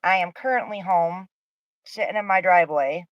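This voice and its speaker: Chatty, low-voiced mother livestreaming. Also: normal speed, dry recording, highs cut off. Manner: chatty, soothing and teasing. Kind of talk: casual live chat. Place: parked car in her driveway.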